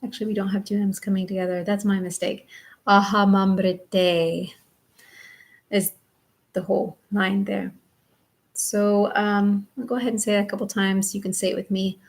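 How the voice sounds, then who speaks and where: A woman teaching a chant in a step-by-step pronunciation lesson, drawing out syllables slowly and patiently for students to repeat. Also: medium pitch, level tone, darkish tone.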